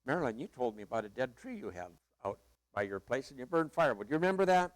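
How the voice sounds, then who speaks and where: A man's voice: medium pitch, sing-song, quick pace. A middle-aged male pastor preaching a sermon in a conversational, emphatic way with playful asides.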